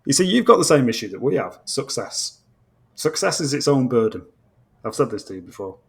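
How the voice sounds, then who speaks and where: A man's voice: medium pitch, sing-song, a little fast, vocal fry, breathy edge. A man with a British accent, originally from Australia, ranting bluntly and swearing constantly as a guest football fan on a casual podcast. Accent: British English.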